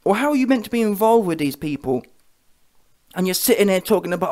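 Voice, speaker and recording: A man's voice: sits high, big pitch swings, brisk. Guy ranting about boxing, mocking and worked up, keeps going "yeah?" at the camera. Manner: heated, mocking, keeps asking the viewer "yeah?". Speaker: boxing commentary vlogger. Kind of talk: ranting reaction commentary.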